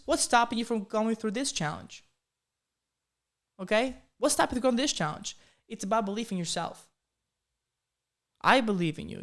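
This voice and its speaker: A man with a slight accent coaching viewers in a live training, upbeat and repetitive, often checking in with "okay?" and "right?". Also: high voice. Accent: slight foreign accent. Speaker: coding career coach hosting a live training. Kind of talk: live-streamed motivational coaching talk.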